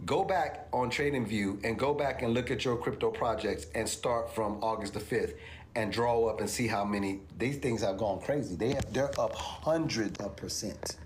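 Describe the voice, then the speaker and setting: Male streamer with a lowish voice, emphatic and repetitive, walks through charts over a faint noise floor. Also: moderate pace. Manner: emphatic, repeats himself, rising to incredulous exclamations. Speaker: crypto commentator. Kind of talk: livestream chart commentary.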